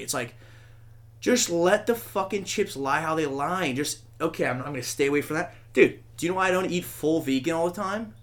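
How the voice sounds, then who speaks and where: A man hosting a podcast, talking casually in a rambling, profane and animated way. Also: on the high side, a little fast. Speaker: podcast host. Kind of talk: casual chat.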